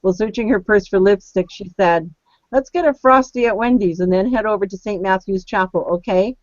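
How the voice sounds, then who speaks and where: A woman's voice: medium pitch, brisk, dry recording. A woman co-hosting a webinar, reading a submitted story aloud after playful chat. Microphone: computer mic on a video call. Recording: dull, dry computer audio.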